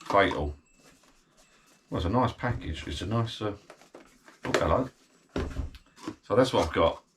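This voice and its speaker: A man's voice: lowish voice, expressive, measured pace, background noise. A middle-aged British man chatting casually while he unboxes a gadget, rambling and thinking aloud as he goes. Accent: British English.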